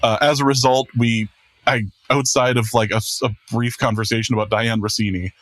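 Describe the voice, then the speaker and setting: A man's voice: mid-range voice, steady tone, brisk, a bit bright, dry recording. A man hosting a casual podcast, self-deprecating and rambling with restarts. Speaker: podcast host and producer. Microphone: podcast microphone.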